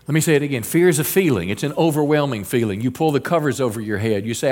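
A man's voice: mid-range voice, lively intonation, fast, few pauses, darkish tone. Stammering, earnest male preacher. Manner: earnest preaching with repeated stammered restarts and quoted scripture. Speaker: pastor. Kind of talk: sermon.

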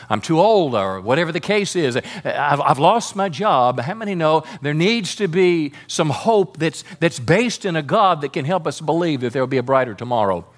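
A man preaching a sermon as pastor, fervent and calling on the congregation to respond. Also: on the high side.

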